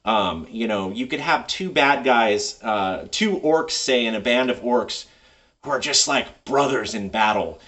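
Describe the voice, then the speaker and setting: An enthusiastic man talks casually about running tabletop games, his mid-range pitch rising and falling freely. He rambles a little as he goes. He sits a little back from the microphone. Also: lively intonation, measured pace, fairly bright tone, distant mic. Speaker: tabletop game master and video host. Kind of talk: casual advice monologue.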